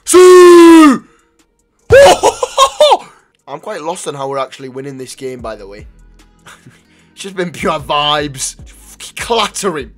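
A young man commentating his own football video game, swinging between excited shouts and low mutters, swearing freely. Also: moderate pace, music in the background. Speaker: gaming YouTuber. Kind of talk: live gameplay commentary.

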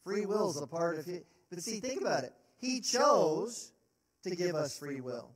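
A man's voice: high voice, very animated, measured pace. A man preaching a sermon as pastor, earnest and emphatic, posing rhetorical questions in a church sanctuary. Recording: roomy sound from a distant mic.

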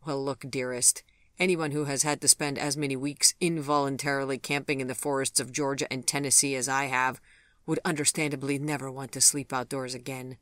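Reader doing a courtly, tender gentleman. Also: medium pitch, little pitch movement, a little fast, no room sound, studio quality, natural voice. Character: gentle, refined older gentleman who loves elegance.

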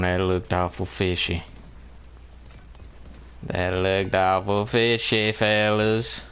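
A man's voice: lowish voice, clear, resonant tone. A man giving drawling, exasperated commentary over a team shooter game, pleading with his teammates. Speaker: gamer. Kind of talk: gameplay commentary.

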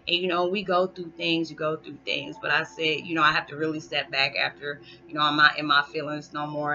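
A woman's voice: low voice, pushed and bright. A woman vlogger rambling candidly about hard times, joking at herself and laughing often. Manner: rambling, self-deprecating humor with frequent laughs. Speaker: spiritual vlogger. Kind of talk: candid monologue. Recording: dull lo-fi with faint background music.

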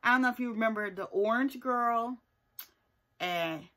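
A woman's voice: fairly high pitch, moderate pace, fairly bright tone. A woman giving a casual, sassy recap of a reality TV episode, driving her points home with emphatic asides. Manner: sassy and emphatic, often tags points with "okay?". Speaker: TV show reviewer.

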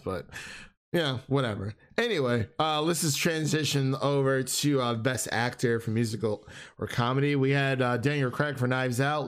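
Laughing young man rambling about films. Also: medium pitch. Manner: rambling, restarts often, laughs a lot. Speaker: film podcast co-host. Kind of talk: casual chat.

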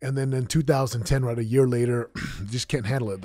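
A man in his forties, a former football champion, telling his story candidly in an interview, with animated storytelling and acted-out quotes. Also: mid-range voice, a little fast, no echo.

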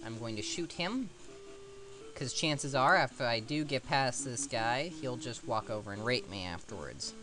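A man giving casual let's-play commentary, rambling and mocking himself as he plays. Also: mid-range voice. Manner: rambling, self-mocking asides.

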